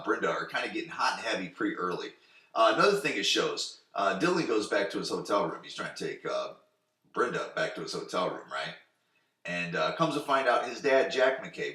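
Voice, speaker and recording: A young adult man hosting a podcast, recapping an episode in a rambling, profane, animated way. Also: medium pitch. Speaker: podcast host. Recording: roomy echo.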